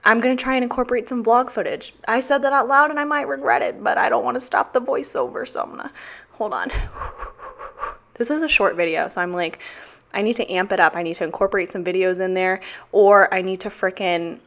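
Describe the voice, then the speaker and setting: A woman's voice: mid-range voice, brisk, a bit bright. A young woman with a Texan accent giving a casual, profane, self-mocking voiceover as a planner vlogger, a little out of breath.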